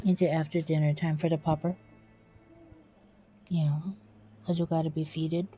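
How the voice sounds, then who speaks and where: A middle-aged woman streams a video game in casual let's-play chat, her medium-pitched voice dark in tone, frequently mumbling asides to herself.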